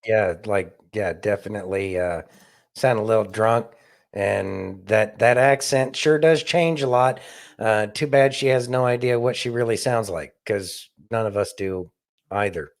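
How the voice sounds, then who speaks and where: A man's voice: on the low side, unhurried. A man hosting a podcast, delivering rambling, opinionated political commentary with sarcastic asides. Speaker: podcast host.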